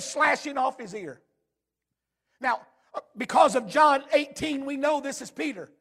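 A man preaching a sermon as pastor, swinging from shouted emphasis to hushed, low tones. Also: gravelly.

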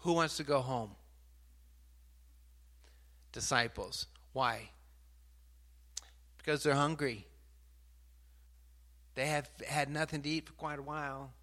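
A man preaching a sermon, animated and building to emphatic outbursts, stopping now and then to sort out his slides. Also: mid-range voice. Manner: pauses mid-talk to sort out slides.

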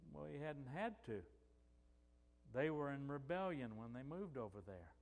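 A man's voice: medium pitch, expressive, unhurried, darkish tone, big-room sound. A man preaching a sermon as a pastor, telling stories and acting out the quoted dialogue. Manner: storytelling, acts out quoted dialogue.

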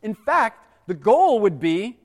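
A man giving a casual, conversational sermon as a pastor, animated and acting out exasperated voices. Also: high voice, slow, long reverb tail.

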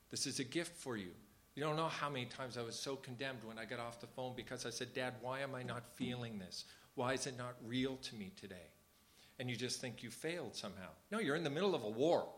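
A man's voice: medium pitch, a bit bright. A man leading a small church service, talking informally and earnestly and repeating phrases for emphasis. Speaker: church leader.

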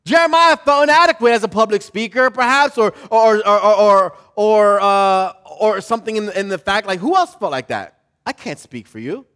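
Male preacher, high voice, animated sermon, loud then hushed. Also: moderate pace, clean tone. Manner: animated, swings from loud to quiet, repetitive.

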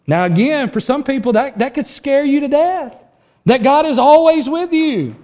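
A man preaching a sermon in earnest, swinging from loud emphasis to a hushed voice and often repeating words as he restarts. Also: very high-pitched, lively intonation, moderate pace. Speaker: pastor.

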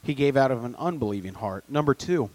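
A man preaching a sermon, moving between soft conversational asides and loud emphatic peaks. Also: mid-range voice, lively intonation, fast talker, dry recording. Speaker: pastor.

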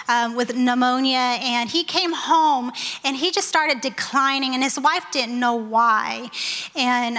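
A woman's voice: high-pitched, pushed and bright. A young woman giving an earnest, conversational sermon with a personal testimony, speaking with frequent fillers. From United States. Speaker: occupational therapist giving a testimony.

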